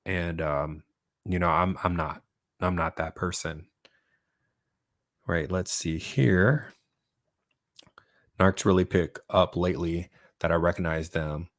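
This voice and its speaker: This channel host speaks slowly in a low, fairly even voice with long pauses, recorded cleanly in a studio without echo. Chatting at length on a casual livestream, he answers viewer comments, frequently tacks on "right?" and laughs between points.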